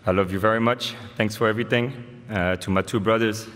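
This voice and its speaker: A man's voice: fairly low pitch, steady tone, brisk, fairly bright tone. A man in his forties with a French accent gives a joking, story-filled acceptance speech at a podium. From France. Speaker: honoree giving an induction speech. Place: large hall. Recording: reverberant hall with faint ambience.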